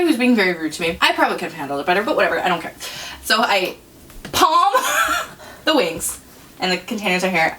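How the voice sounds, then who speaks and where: A woman's voice: medium pitch, fairly bright tone, far from the mic, a little hiss or hum. A young woman co-hosting a podcast, telling work stories in casual chat, swearing freely and laughing between lines. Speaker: podcast co-host.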